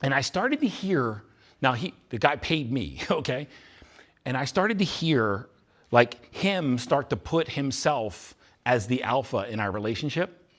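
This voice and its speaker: A man's voice: mid-range voice, expressive, measured pace, a bit bright. A man speaking to a room of students at a youth retreat, blunt and intense, repeating his points for emphasis. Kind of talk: live motivational talk with Q&A. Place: large indoor room with a live audience.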